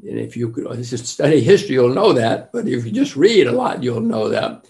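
A man's voice: mid-range voice, vocal fry, darkish tone. An older man giving a motivational lecture to students, emphatic and repeating his key points. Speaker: guest lecturer.

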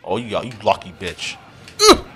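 A man giving profane live commentary over his own gameplay, muttering one moment and yelling the next. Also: deep voice, normal speed, vocal fry, faint music behind. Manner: profane, reactive, swinging between muttering and yelling. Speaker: gaming commentator.

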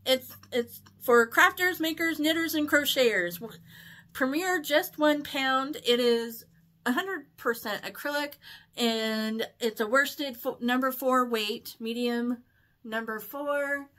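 A woman chatting casually in a shopping haul vlog, telling stories in an excitable, chatty way. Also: high voice, takes it slowly. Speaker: haul vlogger. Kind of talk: casual chat.

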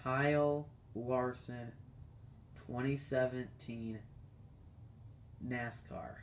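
A man's voice: mid-range voice, fairly even intonation, drawn-out words, a little hiss or hum. A young man reviewing a toy race car for his channel, talking straight to viewers in an exasperated, ranting way. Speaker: diecast collector reviewing cars. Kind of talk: casual video review.

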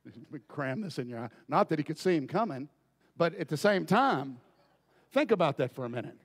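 A man preaching a folksy storytelling sermon, dropping to quiet asides and then bursting into loud shouts. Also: on the high side, sing-song, fairly quick, in a large hall.

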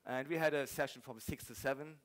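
A man's voice: medium pitch, fairly quick, fairly bright tone. A man with a German accent, a fitness trainer giving a casual, jokey talk to a live audience. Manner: chatty, jokey, laughs often.

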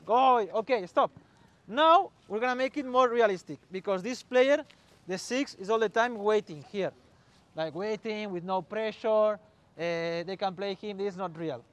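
High-voiced man coaching on a pitch. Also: normal speed, clear, resonant tone, muffled recording. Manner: short commands, calls out to players, mixes in Spanish. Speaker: football coach. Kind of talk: on-field coaching demonstration.

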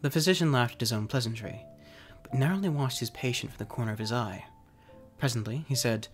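A man, the channel's storyteller, giving a measured dramatic reading of a classic ghost story. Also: mid-range voice. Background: faint music.

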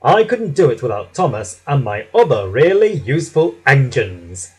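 A man's voice: mid-range voice, very animated, normal speed, darkish tone, slightly rough. A man doing a proud railway boss.

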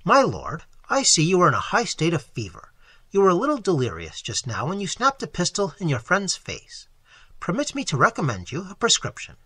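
A man reading aloud and voicing a cool, mock-polite gentleman highwayman who never loses his composure. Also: wildly swooping pitch, a little fast, slightly rough, no echo, studio quality, heavily acted. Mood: coolly mocking. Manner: suave, mock-polite, unflappable. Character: cool mocking gentleman highwayman, adult male.

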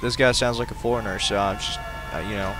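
A man role-playing an awkward, deadpan troll in a game chat. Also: fairly low pitch, fast, noisy background. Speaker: streamer role-playing a character. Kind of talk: in-character role-play chat.

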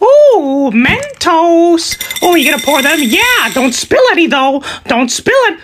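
A man voicing a hyper, crude cartoon mouse in a high squeaky falsetto for comedic reaction commentary. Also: sing-song, a little slow, noisy background, full character voice. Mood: eager. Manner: gushing exclamations, crude jokes.

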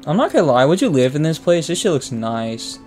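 A man commenting on a video game as he plays, swearing constantly and breaking into loud sudden outbursts. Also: a little high, big pitch swings, a little fast. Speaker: gameplay commentator. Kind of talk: let's play commentary. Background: game audio and music.

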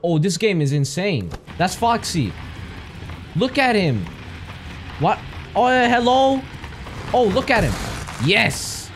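Hyper young man reacting loudly, high and jumpy. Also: sing-song, takes it slowly, pauses often, noisy background. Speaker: gaming channel host. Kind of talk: horror game let's play commentary.

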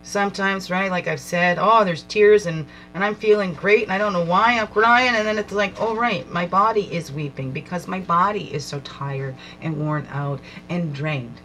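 A woman reading oracle cards aloud as a spiritual guide, slowly repeating lines and musing in asides. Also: lowish voice, slight background noise, rough recording. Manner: slow, reflective, repeats lines aloud, soft laughs and asides.

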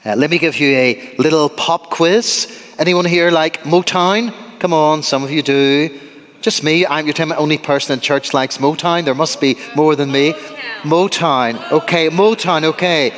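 Northern Irish preacher in a reverberant church. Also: male voice, fairly high pitch, moderate pace, fairly bright tone. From Northern Ireland. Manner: conversational and humorous, quizzing the congregation. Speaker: guest preacher. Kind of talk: sermon.

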